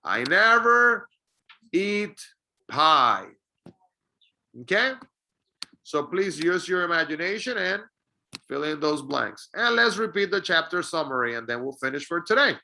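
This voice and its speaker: A man's voice: a little high, lively intonation, normal speed, gravelly, sharp tone, a little hiss or hum. A man whose first language is Spanish, teaching an English lesson and patiently drilling example sentences. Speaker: ESL teacher.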